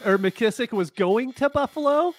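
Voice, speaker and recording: A man on a casual podcast quiz, teasing the others in an animated way. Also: extremely high pitch, normal speed, a loud crowd. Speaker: panelist.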